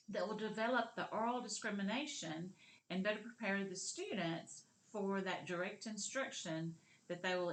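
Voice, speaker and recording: A woman teaching a kindergarten literacy lesson, speaking slowly and clearly as she models rhyming sentences and words for young learners. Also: medium pitch. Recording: roomy echo.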